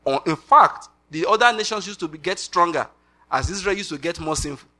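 A middle-aged Nigerian man preaches with animated energy, his voice sitting high and moving a little fast. He slips into pidgin asides and laughs along the way.

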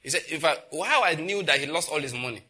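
A middle-aged Nigerian pastor preaches with a husky, bright, forceful voice that sits a little high for a man. He tells his stories with animated energy, acting out both sides of each conversation. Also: fast talker. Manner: animated storytelling, acts out exchanges with rising pitch and laughter. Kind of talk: sermon.

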